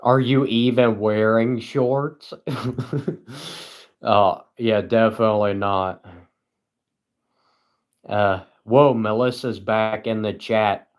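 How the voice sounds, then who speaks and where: A man livestreaming at home, reading chat aloud and answering with deadpan sarcasm and frequent chuckles. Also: lowish voice, slow pace, long pauses.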